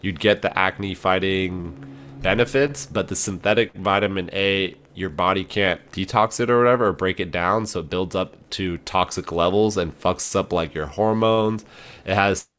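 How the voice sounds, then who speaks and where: A very low-pitched man chatting on a podcast, rambling and animated as he works through his thoughts. He uses lots of filler words and laughs now and then. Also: moderate pace. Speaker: podcast host. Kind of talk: casual podcast chat.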